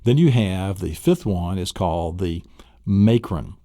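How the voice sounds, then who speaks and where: A man's voice: low-pitched, animated, measured pace, warm tone, dry recording, clean studio sound. A man giving a spelling lesson, spelling words out letter by letter, sounding out syllables and asking the listener rhetorical questions. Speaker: spelling instructor.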